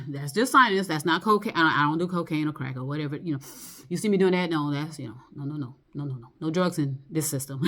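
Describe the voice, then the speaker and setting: Low-voiced woman rambling casually. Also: animated, quick pace, a bit bright. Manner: rambling, loose and profane, lots of fillers and laughs. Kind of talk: rambling monologue.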